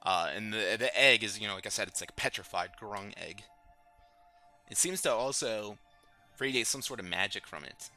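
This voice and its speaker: A man with a very bright, forward voice narrates a tabletop game as dungeon master. He describes rooms and treasure at an easy pace, slipping in fillers as he goes, with faint music playing underneath. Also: lowish voice, moderate pace. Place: home streaming setup.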